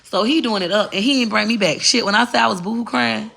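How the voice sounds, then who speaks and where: A woman's voice: fairly high pitch, quick pace, gravelly, a bit bright. A woman vlogger telling a personal story in a candid, blunt and profane way. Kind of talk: casual storytelling to camera.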